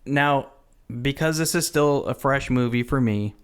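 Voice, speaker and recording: A man co-hosting a podcast, casually recalling a film's scenes in a relaxed, thinking-aloud manner. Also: mid-range voice, a little slow, clear, resonant tone. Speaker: podcast co-host. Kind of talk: casual movie recap chat.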